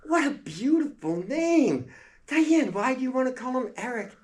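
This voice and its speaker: A man's voice: very high-pitched, very animated, moderate pace, pitched above the performer's own voice. A man voicing a patient 1950s mother of a big family, indulgently repeating each child's pick.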